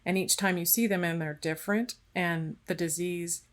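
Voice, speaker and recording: A woman hosting a podcast, speaking reflectively and haltingly as she searches for her words. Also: lowish voice, steady tone. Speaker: podcast host. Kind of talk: conversational interview.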